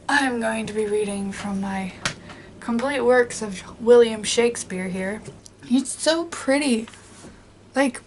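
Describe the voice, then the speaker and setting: A woman's voice: a little high, a little hiss or hum. A woman vlogging in a casual, rambling way, chatting and then reading poems aloud. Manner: chatty, rambling with many likes.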